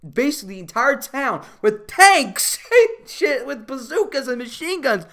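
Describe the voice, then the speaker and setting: A movie reviewer ranting casually about a film, profane and exasperated, laughing often and getting loud at times. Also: high voice, unhurried. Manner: animated, rising to loud outbursts.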